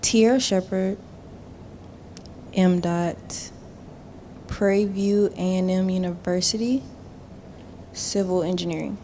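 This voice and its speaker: A young woman student introducing herself in a soft, quiet voice. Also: lowish voice, fairly even intonation, slow pace, long pauses, a little hiss or hum. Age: young adult. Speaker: student intern.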